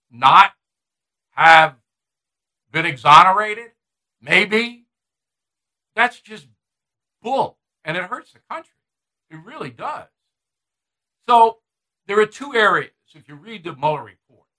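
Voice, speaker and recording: A man's voice: sits high, bright, forceful tone, low-quality recording. A man giving opinion commentary in a combative, emphatic and scornful manner.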